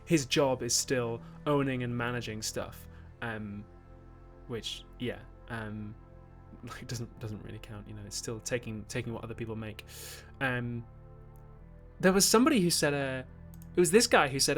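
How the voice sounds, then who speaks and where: A Geordie man from Newcastle in northern England chats on his YouTube livestream, reading viewer super chats. His mid-range voice is a little fast over soft background music, and he rambles with fillers and the odd burst of mock outrage.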